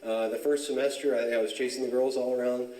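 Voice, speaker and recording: A man's voice: medium pitch, quick pace. A man from Southern California tells personal stories in a casual religious talk, easygoing and full of fillers and chuckles. His voice carries through a reverberant church. He is picked up from some distance away from the mic. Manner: relaxed storyteller, frequent fillers and chuckles.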